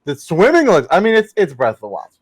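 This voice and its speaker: A man co-hosting a casual gaming news show, excitable and cursing while he tells stories. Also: on the high side, fast talker, dry recording. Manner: lively, swearing, excitable storyteller. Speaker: podcast co-host.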